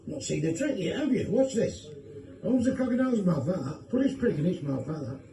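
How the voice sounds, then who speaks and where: A man's voice: high-pitched, very animated, brisk, vocal fry, dark tone. A man telling bawdy jokes, swearing freely and switching voices for the characters, recorded on a phone from a distance. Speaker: joke teller. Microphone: phone video. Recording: echoey room, phone from a distance.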